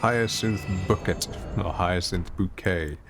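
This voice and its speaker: A man's voice: low-pitched, takes it slowly, noisy background. A man with an English accent giving wry, theatrical commentary while streaming a game. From England. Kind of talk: casual gameplay commentary.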